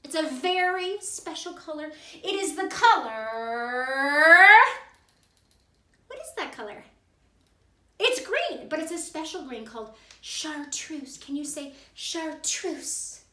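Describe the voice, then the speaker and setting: A woman leading a preschool music class in an animated, sing-song way for young children. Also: sits high, takes it slowly, distant mic. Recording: echoey room, voice from off-mic, music behind.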